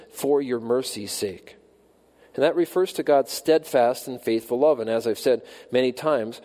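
Man, pastor, sermon, mellow tone, emphatic rises on quoted pleas, long hall reverb. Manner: rises in pitch and volume when quoting the psalmist's cries, slows for emphasis.

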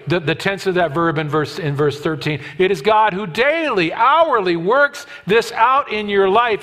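A man in his fifties preaching a sermon, emphatic and repetitive, swinging from loud declarations to hushed asides. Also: high voice. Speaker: pastor.

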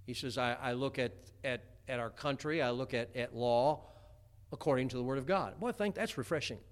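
A man's voice: mid-range voice, brisk. A middle-aged man preaching a homespun sermon, chatty, with many stammered restarts. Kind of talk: folksy sermon.

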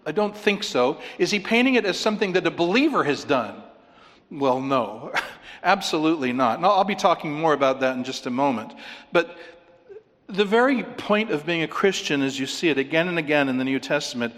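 A man's voice: a little high, a bit bright. Emphatic male preacher in a reverberant hall. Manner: emphatic, counting off points, with rhetorical questions. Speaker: pastor. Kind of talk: sermon.

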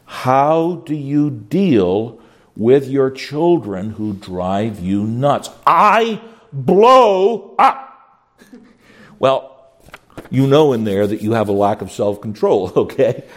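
A man, a pastor, teaching a counseling class in a lively, stop-and-start lecture style, often repeating words as he goes. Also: on the low side. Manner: animated, repeats words while searching for phrasing; reads scripture aloud slowly.

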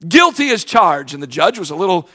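A man's voice: high-pitched, big pitch swings, fairly quick, pushed and bright. A middle-aged man preaching a sermon as pastor, telling a personal story in a conversational way and acting out the voices in it. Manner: conversational storytelling, acts out quoted exchanges.

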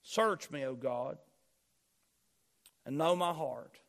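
Male pastor, higher-pitched, preaches with insistent repetition. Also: slow pace. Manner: preaching with rising emphasis, repeating key phrases. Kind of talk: sermon.

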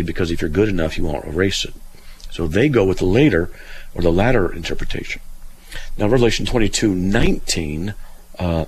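A man with a very deep voice hosts a call-in Bible program. He reads scripture aloud and reasons it through step by step, and now and then slips in a dry joke. A faint background hum sits under his voice. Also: low-quality recording. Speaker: radio Bible Q&A host. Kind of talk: call-in radio answering a caller.

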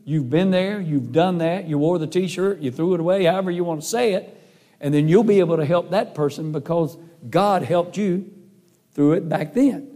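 A man's voice: on the high side, moderate pace, dark tone. A middle-aged man preaching a sermon in an earnest, folksy, emphatic way. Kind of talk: sermon with personal story.

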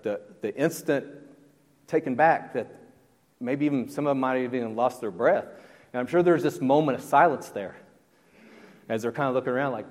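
A man's voice: mid-range voice, a little mellow, long reverb tail. A man preaching a sermon as pastor, in a conversational way that keeps asking the congregation questions. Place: church.

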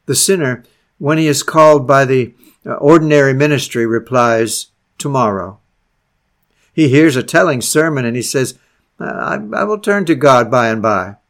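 A man's voice: mid-range voice, moderate pace. A man preaching a sermon with strong emphasis, letting his voice fall away at the ends of phrases.

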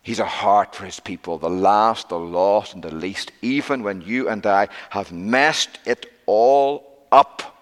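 A middle-aged man preaching a sermon, emphatic and repetitive, swinging from loud declarations to hushed near-whispers. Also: fairly low pitch, slow pace, in a large hall.

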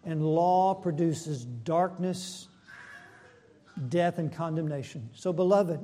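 Slow, earnest male preacher. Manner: builds in pitch and loudness when pressing a point, then drops low and soft; slow, deliberate delivery with rhetorical questions. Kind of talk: sermon.

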